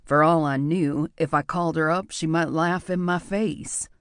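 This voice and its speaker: A man reading a first-person audiobook in a measured, reflective way. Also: on the high side, fairly even intonation, fairly bright tone, clean tone, dry recording, clean studio sound. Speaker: audiobook narrator.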